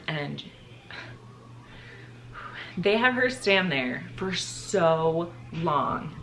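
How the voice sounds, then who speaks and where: Tearful woman vlogger, lowish voice. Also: fairly bright tone. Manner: emotional, choking up and laughing through tears. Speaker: vlogger telling a personal story. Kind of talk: casual storytime.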